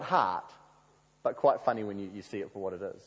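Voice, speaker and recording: Male preacher, husky, animated storytelling sermon in a reverberant hall. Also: on the low side, brisk, lo-fi sound. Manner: animated storyteller, acts out quoted prayers.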